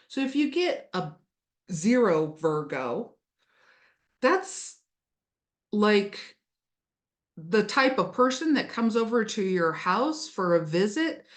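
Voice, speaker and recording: A woman giving a casual astrology lesson. She talks in a chatty, playful way and acts out little voices. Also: medium pitch. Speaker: astrology teacher. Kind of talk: casual teaching talk. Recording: roomy echo.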